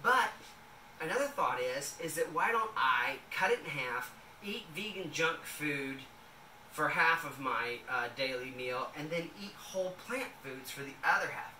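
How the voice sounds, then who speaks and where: A man's voice: on the high side, lively intonation, unhurried, bright, forceful tone, slight background noise. A man in a casual home kitchen vlog, talking in a loose, rambling way with many fillers as he makes a salad. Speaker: vlogger. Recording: echoey room, a bit distant.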